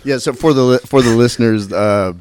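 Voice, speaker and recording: A man's voice: medium pitch, fairly quick, a little mellow. A man hosting a podcast, joking and laughing with his guests, often restarting his sentences. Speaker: podcast host. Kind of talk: casual podcast chat.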